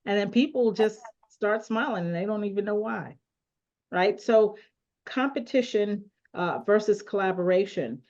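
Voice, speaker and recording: A woman moderating a panel discussion on a call, speaking deliberately and often adding a rhetorical "right?". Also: medium pitch, a little mellow, lo-fi sound.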